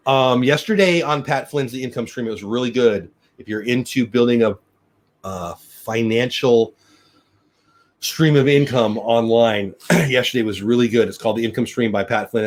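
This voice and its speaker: A middle-aged man hosting a daily live news show, rambling upbeat chat and thanking viewers by name. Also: mid-range voice. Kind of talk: casual live-stream chat.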